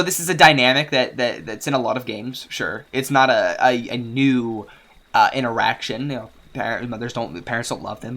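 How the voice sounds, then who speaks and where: Bright-voiced guy rambling and swearing over a game, lots of restarts. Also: medium pitch. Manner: rambling, profane, halting restarts. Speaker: game streamer. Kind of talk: casual gameplay commentary.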